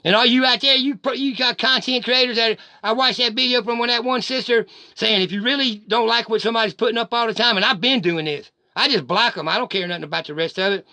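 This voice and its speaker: A man's voice: very high voice, quick pace, few pauses, bright, forceful tone, dry recording. A middle-aged man, delivering a heated, profane rant straight at the camera. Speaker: vlogger. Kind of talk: angry direct-to-camera rant.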